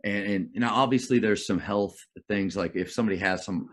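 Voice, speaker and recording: Chatty guy hosting an interview, rambles and trips on words, lowish voice. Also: a little fast. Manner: chatty, rambling, stumbles over his words. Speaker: host. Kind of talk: casual interview chat.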